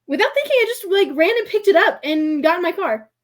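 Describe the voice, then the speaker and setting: A young American woman with a high voice tells a story on a podcast. She is chatty and casual and fills her speech with "like". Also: expressive, fast. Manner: chatty, heavy use of "like", laughs often. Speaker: podcast guest.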